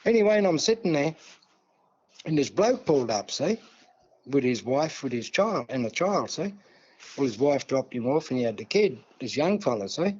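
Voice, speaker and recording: Animated Australian man yarning a story. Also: medium pitch, normal speed, breathy edge, lo-fi sound. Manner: animated, rambling storytelling with many asides. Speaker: guest storyteller. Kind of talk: casual yarning interview.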